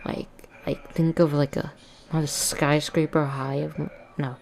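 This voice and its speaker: A woman with a deep, low voice retells a fan-made story casually, rambling and joking. She keeps correcting herself as she goes, in a loose, offhand delivery. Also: level tone, a little slow, vocal fry, darkish tone. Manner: rambling, jokey, self-correcting.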